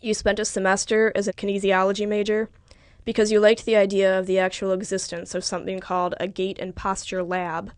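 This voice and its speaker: A woman narrating a literary audiobook in the second person with a measured, wry, precise delivery. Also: mid-range voice, little pitch movement, clean tone, dry recording, clean studio sound.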